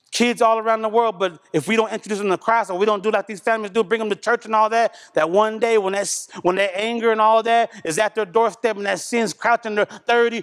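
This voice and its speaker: A man preaching a sermon as pastor, a father of a young son, talking animatedly and swinging between loud bursts and hushed asides. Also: high voice, smooth. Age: young adult or middle-aged, father of a young son. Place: church.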